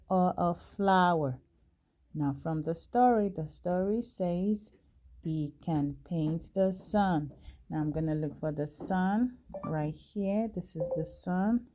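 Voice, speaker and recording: A woman teacher reading a worksheet aloud to young children, slow and deliberate, asking them questions as she goes. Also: on the low side, warm tone. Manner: slow and deliberate, reading each sentence carefully.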